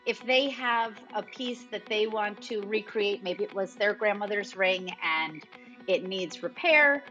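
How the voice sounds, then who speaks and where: Bright-voiced woman guest explaining her work. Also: mid-range voice, measured pace, highs cut off, faint music behind. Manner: friendly and explanatory. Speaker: guest jeweler. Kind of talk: casual interview.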